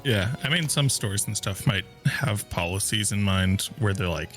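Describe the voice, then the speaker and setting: A man with a low, lively voice gives quiet, low-key replies in a casual talk stream. He sits a little away from the mic, and faint music plays behind him. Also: moderate pace. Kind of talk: casual chat.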